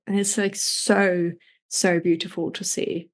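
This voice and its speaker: A woman's voice: lowish voice, level tone, measured pace. A woman coach being interviewed on a podcast, speaking earnestly in a casual chat with many "like" fillers. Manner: earnest, heavy use of "like" fillers.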